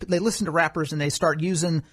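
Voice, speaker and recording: Guy on a politics podcast, bit high voiced, arguing his point at length. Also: fairly even intonation, fast talker. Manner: argumentative, explains at length. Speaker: podcast co-host. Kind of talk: political commentary chat.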